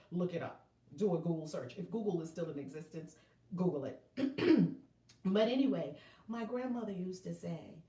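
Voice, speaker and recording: A woman hosting a tarot video, chatting casually to her viewers and often breaking into loud laughter. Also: fairly low pitch, echoey room, far from the mic. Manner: animated, laughing loudly, exclaiming often. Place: room at home.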